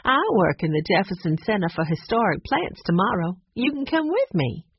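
A woman's voice: medium pitch, big pitch swings, moderate pace, breathy edge, muffled recording. A woman voicing a friendly grown woman who explains things in a storybook reading.

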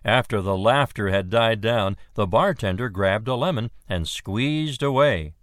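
Slow, lively joke-telling man. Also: on the low side, no echo, studio quality. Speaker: joke narrator. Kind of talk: slow told joke narration.

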